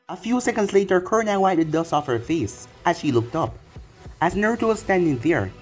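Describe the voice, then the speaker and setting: A man reading a fan fiction story aloud, steady and plain. His voice is a little higher than most men's, and soft music plays faintly behind him. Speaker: narrator.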